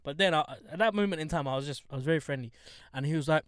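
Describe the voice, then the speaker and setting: A young man with a London accent, co-hosting a podcast and telling a story in lively casual chat, acting out other people in high voices. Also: very fast, dry recording, clean studio sound. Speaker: podcast co-host. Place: studio.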